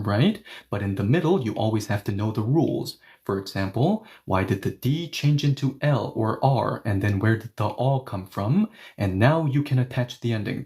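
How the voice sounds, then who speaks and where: Mellow-voiced man teaching a lesson. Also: fairly low pitch. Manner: emphatic, repetitive, drills example phrases. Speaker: Korean language teacher. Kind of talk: explanatory online lesson.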